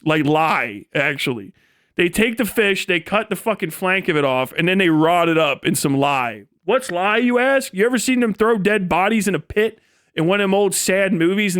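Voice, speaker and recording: High-voiced man on a profane rant. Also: fairly bright tone, no room sound, clean studio sound. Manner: profane, rambling, laughs often. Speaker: streamer. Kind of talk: comedic live-stream rant.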